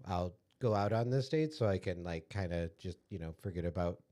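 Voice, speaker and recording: Deep-voiced man telling a story casually. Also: brisk, warm tone. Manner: laid-back storytelling with fillers. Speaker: podcast co-host. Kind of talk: casual chat.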